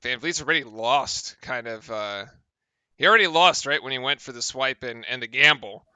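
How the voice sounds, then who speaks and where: Bright, crisp-voiced basketball play-by-play man. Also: medium pitch, no room sound. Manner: brisk, excited calls of the action. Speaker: play-by-play commentator.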